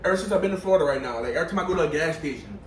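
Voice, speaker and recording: A man's voice: a little high, expressive, very fast. A young man from New Orleans with a New Orleans accent, telling a story in a casual chat and leaning on "you know" and "and everything". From New Orleans, Louisiana. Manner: laid-back, leans on "you know" and "and everything". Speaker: boyfriend of the vlogger, cameraman. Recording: roomy and a bit distant, faint hiss.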